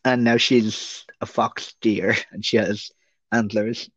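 A man's voice: fairly low pitch, level tone, slow pace, dry recording. Young Irish man, hesitant podcast guest. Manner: rambling, hesitant, lots of ums. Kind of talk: casual interview chat. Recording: dry, muffled lo-fi audio.

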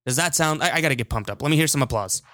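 A man's voice: medium pitch, very fast, dry recording, clean studio sound. A man hosting a sports podcast, talking casually and with strong opinions, often restarting his sentences. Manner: animated, opinionated, with frequent restarts. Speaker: podcast host.

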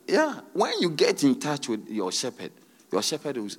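A man's voice: medium pitch, wildly swooping pitch, moderate pace. A man preaching a sermon as a pastor, peppering his teaching with hallelujahs and rhetorical questions to the congregation.

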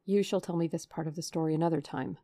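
A woman's voice: low voice, fairly even intonation, fast talker, warm tone, no room sound, studio quality. A woman voicing an anxious young governess who asks urgent questions.

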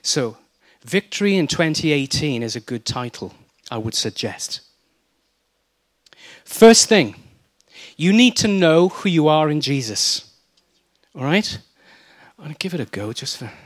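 A man's voice: fairly high pitch, takes it slowly, long pauses, no room sound. A middle-aged man from South Wales with a Welsh accent, preaching a sermon and telling stories with humor and mimicry. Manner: lively storytelling with mimicry and humor.

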